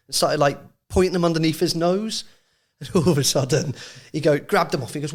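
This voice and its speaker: A man's voice: a little high, a little fast. Laughing man telling stories. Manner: animated storyteller, laughs often. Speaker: guest, former club physio. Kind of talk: casual podcast chat.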